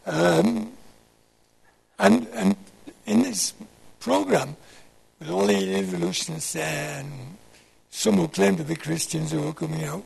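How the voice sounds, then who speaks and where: A man's voice: a little high, a little slow, gravelly, long pauses, a little mellow, poor audio. A man, giving a rambling sermon talk and asking the audience questions as he digresses. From North East England. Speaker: Christian speaker.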